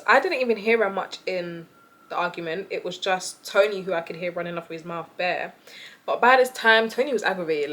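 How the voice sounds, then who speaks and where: A young woman who tells a story in a casual, animated, chatty way and laughs often. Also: mid-range voice. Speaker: vlogger.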